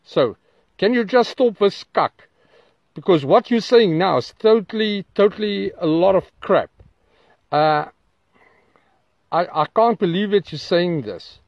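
Guy doing a stiff prissy critic scolding, slow and pitched up, kinda muffled dry lo-fi sound. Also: lively intonation, creaky, no room sound, exaggerated voice. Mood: indignant. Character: prim scolding male critic, indignant.

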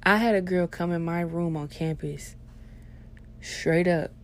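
A young woman with a slightly low voice runs a comedic rant straight at her audience. She swears freely and talks bluntly, sinking into hushed asides before bursting out loud. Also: measured pace, slight background noise. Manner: profane, blunt, swings between hushed asides and loud outbursts. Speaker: vlogger.

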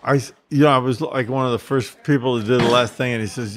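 A man casually telling a personal anecdote, vivid and lively, with frequent restarts. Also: mid-range voice, a little fast. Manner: animated, vivid storytelling with restarts. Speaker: storyteller.

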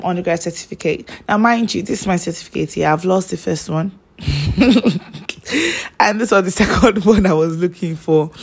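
Young woman, low voice, gravelly fry, chatty rambling storytelling. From Nigeria. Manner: chatty, rambling, many fillers. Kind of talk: casual personal storytelling.

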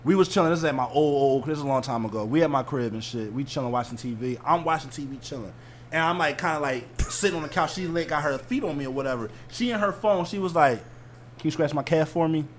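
A man hosting a podcast, telling stories in a casual, profane, animated way. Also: on the high side, fast talker, a little hiss or hum. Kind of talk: casual chat.

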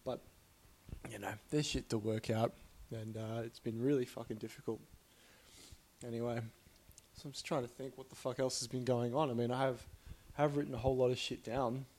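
A young Australian podcast host talks casually and openly about his life in a rambling, candid monologue, swearing a lot and laughing between thoughts. His voice is medium-pitched, fairly even and a little mellow, brisk but with long pauses.

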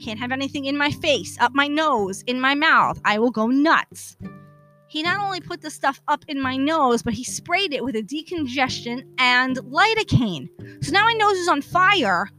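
A woman's voice: high-pitched, lively intonation, moderate pace, pushed and bright, soft background music, low-quality recording. A woman hosting a podcast, telling a long personal story in a blunt, exasperated way and swearing freely. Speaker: podcast host. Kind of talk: casual profane storytelling monologue.

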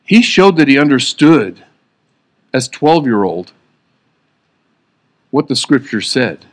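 A man's voice: mid-range voice, big pitch swings, slow. A man giving a sermon in an earnest, conversational way, often restarting his sentences. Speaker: preacher.

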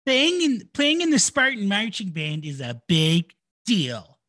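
A woman's voice: mid-range voice, wildly swooping pitch, a little slow, a bit bright, heavily acted. A woman voicing a whiny middle-aged dad as she mockingly reads his complaint letter aloud. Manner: whiny, indignant, mocking read. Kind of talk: mock reading of a complaint letter.

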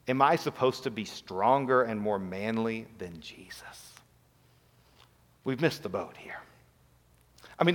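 Man preaching in a reverberant hall. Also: on the high side. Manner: emotional, drops to a hushed near-whisper at tender moments. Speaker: pastor. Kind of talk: sermon. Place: church sanctuary.

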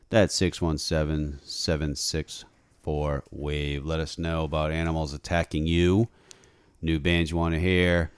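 A man hosting a live radio show in a studio, bantering casually with deadpan wisecracks. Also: sits low, smooth, no room sound. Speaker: radio host. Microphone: studio microphone.

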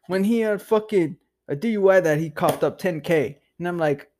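Hosting his podcast, this young man rambles through a story in a loose, profane style, leaning on fillers and saying "dude" a lot. He has a high voice with a darkish tone and a moderate pace.

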